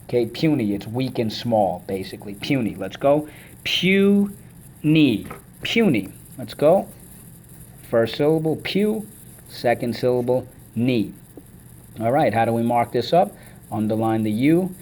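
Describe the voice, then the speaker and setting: A man teaching a vocabulary lesson, energetic and enthusiastic, leading call-and-response drills and chanting words syllable by syllable. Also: medium pitch, normal speed, slight background noise.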